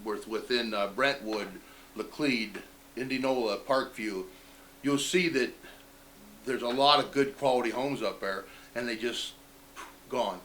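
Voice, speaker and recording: A man's voice: mid-range voice, measured pace, fairly bright tone, a little hiss or hum, rough recording. A man from Youngstown, Ohio, a neighborhood association member, speaking emphatically in a documentary interview and listing things off one after another. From Youngstown, Ohio, USA. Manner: emphatic, reeling off lists.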